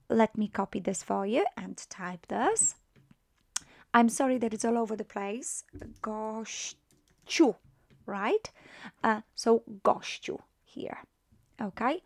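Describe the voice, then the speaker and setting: Woman teacher, slow and patient, slightly high voice, dry close sound. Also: creaky, darkish tone, dry recording. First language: Polish. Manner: patient, explains step by step with many fillers; checks in often with "right?". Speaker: language teacher. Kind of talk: online language lesson.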